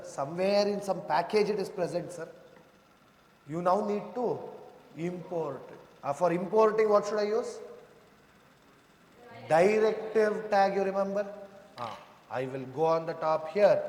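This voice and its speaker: A man's voice: sits high, a little mellow. A male programming instructor teaching a live coding lecture, walking students through code step by step and often checking in with questions. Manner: addresses students as "sir" and "boss". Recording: echoey room with long reverb.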